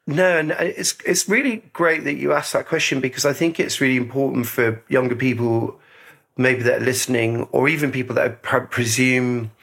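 A man's voice: medium pitch, normal speed, gravelly, a bit bright. A middle-aged man from Scotland, a photographer interviewed as a guest, telling stories about his youth in a chatty, self-deprecating way. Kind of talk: casual conversational storytelling.

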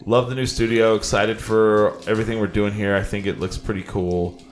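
A man with a lowish voice hosts a relaxed chat show from a small studio. He rambles a bit, restarts his sentences and keeps things easygoing. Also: fairly quick. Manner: loose, apologetic, rambling with restarts. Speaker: show host. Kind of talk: casual chat.

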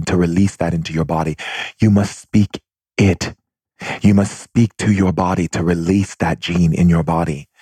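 A man's voice: low-pitched, a little mellow, slightly rough, no echo. A man giving an impassioned spiritual talk, repeating himself and addressing his listeners as family. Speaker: spiritual teacher.

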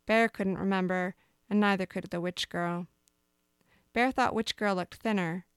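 A woman calmly reading aloud a dark fable, as storyteller. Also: medium pitch, unhurried, clear, resonant tone, no room sound, clean studio sound.

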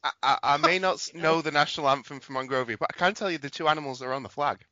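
A man's voice: fairly high pitch, racing, bright, forceful tone, no room sound. A man co-hosting a casual chat, dropping dry wisecracks. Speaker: co-host. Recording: dull lo-fi audio.

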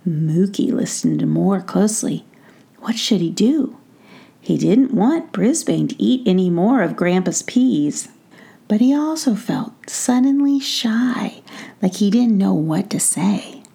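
Woman, whispered bedtime story, slow and soft, gravelly and breathy tone, dark mellow voice. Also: mid-range voice, expressive.

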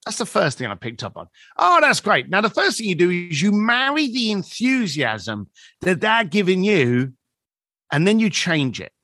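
A man telling a story in conversation, animated and acting out other people's voices. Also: high voice, normal speed, dry recording, clean studio sound.

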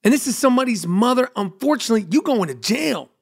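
A man's voice: very high-pitched, big pitch swings, fast, vocal fry. A man hosting a comedy podcast, riffing through a monologue in a hyped-up, profane, joking way. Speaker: podcast host.

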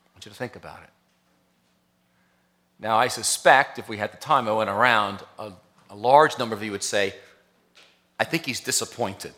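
A male pastor delivers a sermon in a bright, forceful voice. He talks in a casual, conversational way and then presses harder as his points build. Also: lowish voice, a little fast, pauses often. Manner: conversational preaching, rising to emphatic. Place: church sanctuary.

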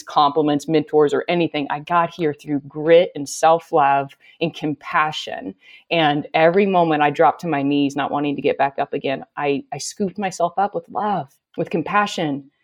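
A woman guest speaking about self-love in an emphatic, heartfelt way, with frequent "like" fillers. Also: deep voice. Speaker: podcast guest. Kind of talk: spiritual self-help conversation.

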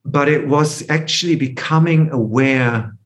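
A man's voice: mid-range voice, unhurried. A man coaching on forgiveness in a podcast interview, reflective, explaining through rhetorical questions.

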